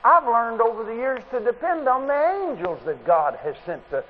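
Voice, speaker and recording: A man's voice: very high-pitched, very animated, moderate pace. A man preaching a sermon at a convention, a folksy, plain-spoken storyteller. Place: convention hall. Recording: tinny lo-fi tape with faint hiss.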